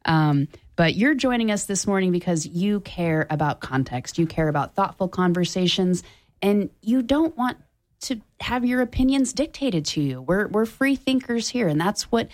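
A woman's voice: medium pitch, lively intonation, moderate pace, a little mellow. A woman co-hosting public radio and making an upbeat, persuasive on-air fundraising appeal, often repeating phrases for emphasis.

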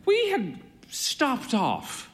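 A man voicing a frail, proud, theatrical old woman with a high, fluttery manner. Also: huge pitch swings, drawn-out words, noisy background, heavily acted. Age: older. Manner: high, fluttery, grandly dramatic. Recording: long hall reverb.

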